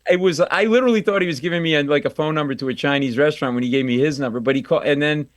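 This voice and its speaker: A man telling a comic story as a radio guest, animated and self-mocking, acting out the voices in it. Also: on the high side, fast, no echo, studio quality. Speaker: comedian guest.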